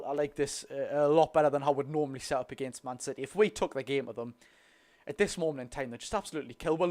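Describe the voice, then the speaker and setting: A young man with a Geordie accent doing a live watch-along of a football match, chatty and excitable, talking to his viewers. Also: on the high side. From North East England. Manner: excitable, chatty, talks to the chat and the lads. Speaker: football fan streamer.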